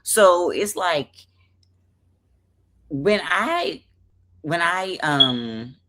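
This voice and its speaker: Sassy low-voiced Southern woman. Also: drawn-out words. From American South. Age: 30s. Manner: sassy, animated storytelling. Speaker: guest, bodybuilding competitor. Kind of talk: casual interview chat.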